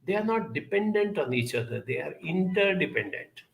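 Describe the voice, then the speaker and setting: Earnest man with a gravelly voice. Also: a little high, sing-song, reverberant, a little hiss or hum, poor audio. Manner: measured, earnest, many pauses and fillers. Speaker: self-help speaker answering viewer questions. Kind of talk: reflective talk.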